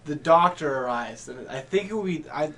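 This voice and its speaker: A man's voice: fairly high pitch, expressive, fairly bright tone. A man co-hosting a podcast in casual chat, joking and chiming in. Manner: joking and quick to laugh. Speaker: podcast co-host.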